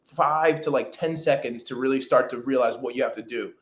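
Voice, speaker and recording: A man who calls himself a fast talker, a real estate script trainer, chatting casually in an interview with many fillers and restarts. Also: mid-range voice. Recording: roomy echo.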